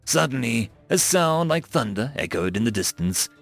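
A man's voice: mid-range voice, big pitch swings, moderate pace, creaky, fairly bright tone, soft background music. A man narrating an audiobook, telling the story steadily and voicing each character.

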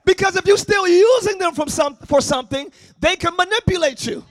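High-voiced shouting preacher man. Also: fairly quick, no echo. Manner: shouting, sing-song preaching with call-and-response. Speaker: pastor. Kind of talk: sermon. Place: church service, before a congregation.

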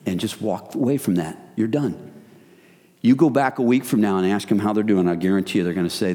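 A man's voice: fairly low pitch, brisk, dark tone. A man preaching a sermon to a men's group, emphatic and exhorting, who keeps calling his listeners guys. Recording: long hall reverb.

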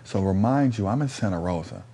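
A man telling a story in a casual, animated way, full of slang and profanity, repeating lines for emphasis. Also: on the low side, fairly quick, breathy edge.

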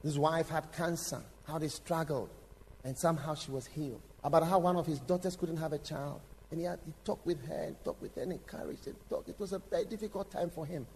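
A man preaching a sermon, telling stories with sudden shouts, acted quotes and direct questions to the congregation. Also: on the high side, a little fast. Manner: engaging the audience with direct questions. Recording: long hall reverb, faint background noise.

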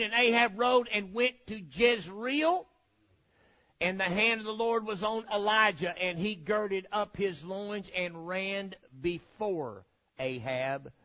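A man preaching a sermon in an animated, folksy, joking way, captured on a dull lo-fi recording. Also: high voice.

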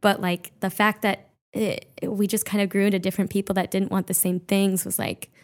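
A woman's voice: mid-range voice, little pitch movement, a little fast. A woman comedian guest in casual chat, who swears freely and laughs as she tells an emotional story.

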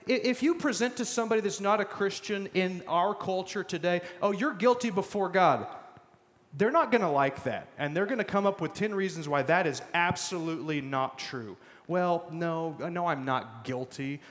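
A middle-aged man delivers a sermon in a relaxed, conversational manner, sprinkled with fillers and self-mocking asides. His voice sits a touch high for a man, and it carries a long reverb from a large hall. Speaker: pastor.

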